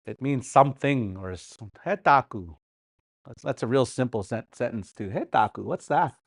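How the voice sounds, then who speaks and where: Recorded at studio quality with no room sound, this medium-pitched voice moves at a moderate pace. It belongs to a Dakota language teacher from Sioux Valley who walks around a classroom during a livestreamed lesson, keeping things playful and repeating words for students to practise.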